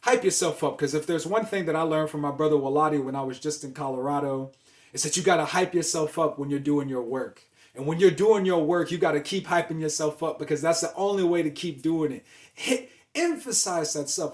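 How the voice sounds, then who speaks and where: A young adult man hosts a show, his fairly high voice moving fairly quickly through an emphatic, repetitive motivational monologue.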